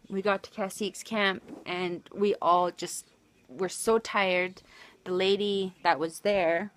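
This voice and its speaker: A woman's voice: fairly low pitch, fairly bright tone. A married woman livestreaming, telling a personal story in an emotional, rambling way full of restarts. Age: adult, married.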